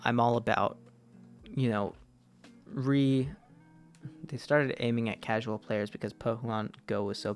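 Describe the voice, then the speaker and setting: A man streaming a game, chatting casually in a rambling way, restarting and correcting himself as he answers chat. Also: mid-range voice. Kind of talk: casual gaming livestream chat.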